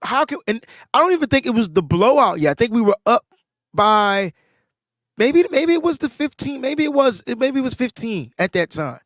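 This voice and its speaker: A man, a podcast co-host, telling a sports story in casual chat, animated and rising in pitch when he gets excited, a bit under the weather. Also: normal speed, dry recording, studio quality.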